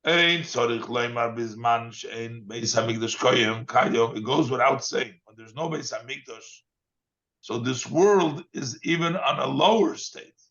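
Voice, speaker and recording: A rabbi teaching a text at an unhurried pace, reading Hebrew phrases and then explaining each one in plain English. His voice sits in a middle pitch, and the recording sounds somewhat dull and lo-fi. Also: a bit bright. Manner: reads Hebrew lines then translates, with fillers. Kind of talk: text study lesson.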